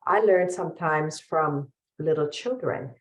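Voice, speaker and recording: A woman lawyer talks earnestly on a webinar panel over a video call, her voice sitting low. The room around her rings with echo, giving the sound a hollow, roomy quality. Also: a little slow. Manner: earnest, storytelling. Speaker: refugee lawyer.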